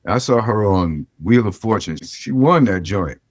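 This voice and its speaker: Deep-voiced, playful male podcast host. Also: animated, no room sound, studio quality. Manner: playful, teasing, quick to laugh and egg the guest on. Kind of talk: casual chat.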